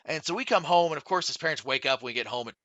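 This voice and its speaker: Bright-voiced man telling a profane story. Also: on the high side, rapid-fire, no room sound, dull audio. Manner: profane, animated anecdote telling. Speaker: podcast guest. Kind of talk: casual storytelling chat. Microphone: studio podcast mic.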